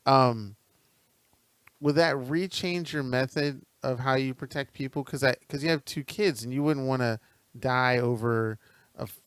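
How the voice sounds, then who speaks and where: A man's voice: mid-range voice, unhurried, smooth, no echo. A man co-hosting a podcast, mostly listening with short agreements and asking probing follow-up questions in a casual way. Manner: steady backchannel, supportive, probing questions. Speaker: podcast co-host.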